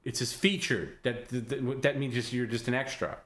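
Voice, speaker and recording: A man's voice: mid-range voice, steady tone, normal speed, crowd noise. A man hosting a live stream, teasing his guest and laughing often. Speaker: stream host. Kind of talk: casual live stream banter.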